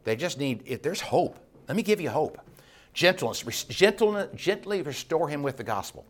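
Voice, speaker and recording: A man leading a Bible class, talking in a loose, conversational way that breaks into restarts. He grows passionate, lifting his voice and then letting it sink low and quiet. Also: expressive, brisk. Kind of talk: teaching sermon.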